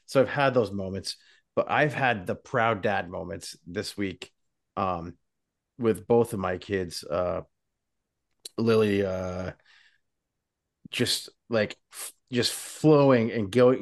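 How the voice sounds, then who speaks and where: Low-voiced man, halting and dry. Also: dry recording. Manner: halting, lots of filler pauses. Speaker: podcast co-host. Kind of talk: casual chat.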